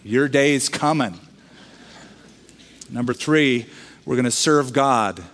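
A man's voice: medium pitch, slow pace, fairly bright tone, in a large hall. A man who is a pastor, preaching a sermon in a conversational way, bringing in humorous quoted voices.

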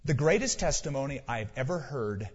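A man's voice: medium pitch, very animated, moderate pace, husky. A male pastor preaching a sermon with emphasis, asking rhetorical questions and repeating key lines for weight. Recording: dull lo-fi sound with long hall reverb.

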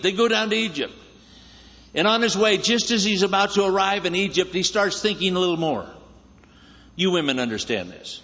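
A man preaches a sermon in a church sanctuary, his voice sitting high for a man. He keeps it conversational, teasing his listeners and asking them questions. The sound rings through a reverberant hall and comes across slightly muffled. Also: a little fast, a bit bright. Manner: joking, conversational, quizzes the congregation. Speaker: guest preacher.

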